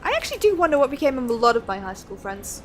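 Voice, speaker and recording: Young woman rambling on stream, kinda high voice, laughs a lot, soft game music under it. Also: sing-song, rapid-fire. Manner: chatty, rambling, laughs often. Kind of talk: casual gameplay chat. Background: faint game music.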